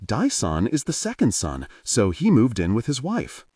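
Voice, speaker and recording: A man narrating an audiobook in an expressive, varied way. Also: medium pitch, moderate pace, dry recording. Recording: dry, slightly distant mic.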